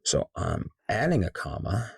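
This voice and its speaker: A man's voice: fairly low pitch, sing-song, unhurried, vocal fry, husky, no echo. A man in his forties, a voice actor in a casual vlog, explaining script reading in a rambling, profane, self-mocking way. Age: 40s.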